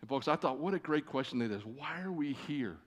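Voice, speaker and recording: A man's voice: on the high side, lively intonation, a little fast. Folksy sixty-ish man preaching. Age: 60s. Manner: folksy, self-deprecating, many "uh" fillers. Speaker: guest preacher. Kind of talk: sermon with storytelling. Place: church stage before a large congregation.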